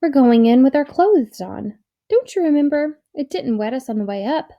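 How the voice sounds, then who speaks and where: Woman putting on a young storybook boy, eager and exclaiming, raised pitch, gravelly edge, dull lo-fi sound. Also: expressive, normal speed. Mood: matter-of-fact. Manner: eager, exclaiming, a little dreamy. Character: curious, excitable young boy.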